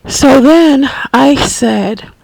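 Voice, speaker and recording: A woman telling a personal story as a caregiver, unscripted, halting and restarting often. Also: sits high, vocal fry, no room sound. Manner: halting, with frequent restarts and soft asides. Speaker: family caregiver sharing memories.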